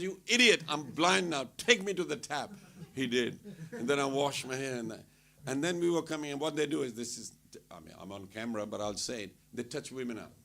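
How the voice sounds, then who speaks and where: Man, gravelly voice, casual storyteller, acts out quotes, faint noise behind. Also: medium pitch. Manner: animated, laughing anecdotes with acted-out quotes. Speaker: temple speaker.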